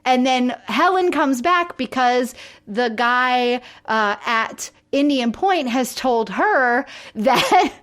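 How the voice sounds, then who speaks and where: Chatty woman co-host, fairly high voice. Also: slow pace. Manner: chatty storyteller, fillers and animated retelling. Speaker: podcast co-host. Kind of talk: casual chat recapping sitcom episodes.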